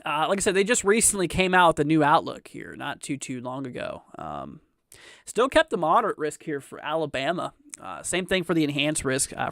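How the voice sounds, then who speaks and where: A young man talks through a live weather stream in a loose, rambling way, full of fillers and restarts. His voice sits a little high and swings widely in pitch, with a gravelly edge. The sound is dry and close, like a desk mic. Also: no echo. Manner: rambling, many fillers and restarts, reads viewer chat aloud. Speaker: weather livestream host. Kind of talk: casual live weather commentary.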